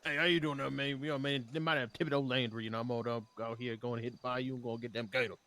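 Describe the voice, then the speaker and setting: A man's voice: medium pitch, little pitch movement, quick pace, a bit bright, lightly acted. A man voicing a folksy Cajun swamp man with a put-on drawl and broken grammar, in a role-play game.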